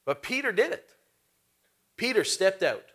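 A man's voice: high voice, very animated, unhurried, fairly bright tone. A man preaching a sermon as a pastor, in a conversational way full of rhetorical questions and asides.

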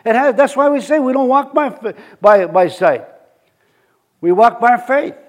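High-voiced man preaching a sermon. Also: animated, a little slow. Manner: conversational, repeats words, rising to emphatic.

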